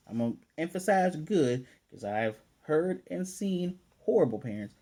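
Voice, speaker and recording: Male anime reviewer, relaxed and mellow, animated casual recap. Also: high voice, moderate pace. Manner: animated retelling, acting out characters' lines.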